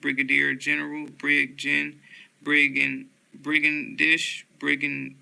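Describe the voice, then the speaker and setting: A man reading dictionary entries aloud one word at a time, with flat, unhurried delivery and occasional stumbles. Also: on the high side, creaky, clean tone, rough recording.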